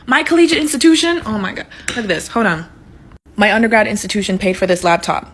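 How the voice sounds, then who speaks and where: A woman's voice: mid-range voice, fast talker, a little hiss or hum. A woman giving earnest, urging college advice straight to the viewer. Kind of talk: direct-to-camera advice.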